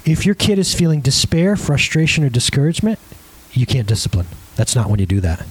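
A man preaching a lively sermon on parenting, acting out scenes and asking his audience questions. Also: medium pitch, brisk, breathy edge. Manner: animated, acts out scenes in different voices; chatty, asks the crowd questions.

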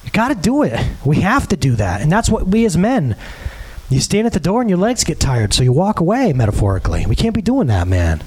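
A man's voice: fairly high pitch, wildly swooping pitch, brisk, a little mellow, husky. A man in his thirties giving a sermon as a pastor, earnest and full of rhetorical questions.

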